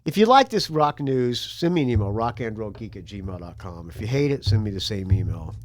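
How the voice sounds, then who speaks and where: A man's voice: lowish voice, expressive, fairly quick. A man hosting a music podcast, chatting in a loose, rambling, laid-back way while sipping beer. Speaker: podcast host reading music news. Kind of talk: loose, rambling casual chat.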